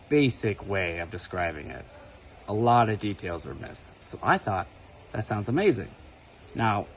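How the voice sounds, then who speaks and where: A man's voice: lowish voice, vocal fry, slight background noise, poor audio. A man casually telling a personal spiritual story to camera, talking conversationally and often checking in with "right?". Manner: conversational, keeps asking "right?". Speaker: spiritual video creator.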